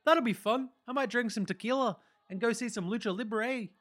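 A man's voice: very high voice, moderate pace, a bit bright, voice pushed up. A man voicing a laid-back young New Zealand sportsman reading his diary aloud, with a put-on New Zealand accent and a drawl that tacks "eh" and "bro" onto his lines. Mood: easygoing.

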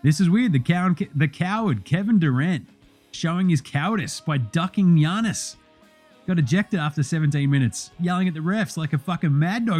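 A young Australian man hosting a sports podcast, rattling through results in a profane, excitable, joking way. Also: fairly high pitch, moderate pace, soft background music. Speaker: podcast host.

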